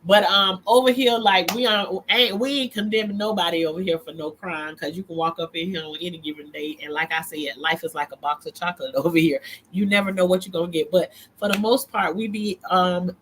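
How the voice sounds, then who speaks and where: A middle-aged woman with a way of speaking talks to her viewers in a loose, rambling vlog. Her voice is bright and clear, and she breaks into laughter often. A faint ambient hum sits under her voice. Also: lowish voice, steady tone, a little fast, hardly any pauses. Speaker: vlogger. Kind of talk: casual talk to camera.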